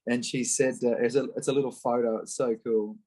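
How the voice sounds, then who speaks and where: Animated man telling stories. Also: mid-range voice, brisk, rough recording. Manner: animated, acts out quoted voices, frequent restarts. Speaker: guest. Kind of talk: candid conversational storytelling.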